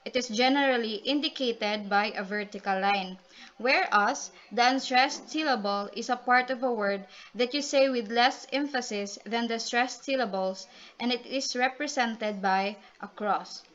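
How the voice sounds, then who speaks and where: A woman's voice: fairly high pitch, a little slow, fairly bright tone. A woman giving a class report on poetry and calling on classmates by name. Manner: explanatory, calls on classmates by name. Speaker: student reporter. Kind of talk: class presentation. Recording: dull lo-fi recording.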